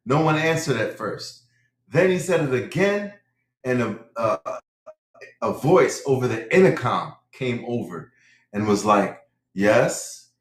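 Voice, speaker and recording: A man in a casual livestream chat, telling a story in an animated way and often checking in with "right?". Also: medium pitch, a little slow. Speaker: livestream participant. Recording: echoey room.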